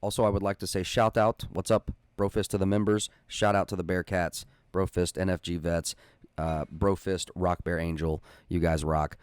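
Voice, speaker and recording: A man co-hosting a podcast, talking in relaxed, easygoing banter. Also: deep voice, moderate pace, clear, resonant tone, no echo. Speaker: podcast co-host. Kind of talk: casual podcast chat.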